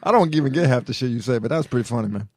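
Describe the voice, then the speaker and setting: A man's voice: medium pitch, lively intonation, rapid-fire, darkish tone. A man co-hosting a comedy podcast, talking in a blunt slangy way. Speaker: podcast co-host.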